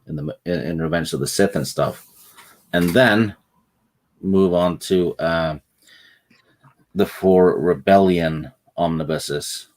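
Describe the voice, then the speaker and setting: Deep-voiced dry Norwegian man. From Norway. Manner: dry, halting, deadpan jokes. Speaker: co-host. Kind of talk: casual chat.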